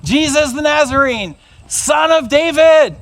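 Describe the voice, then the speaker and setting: A man voicing a desperate blind beggar who shouts urgently to be heard over a crowd. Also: high-pitched, lively intonation, moderate pace.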